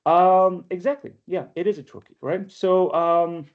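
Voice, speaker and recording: A man with a high-pitched voice speaks in an unhurried way with fairly even intonation. Leading an online poetry workshop over a video call, he explains each step and keeps asking "right?" The recording is lo-fi.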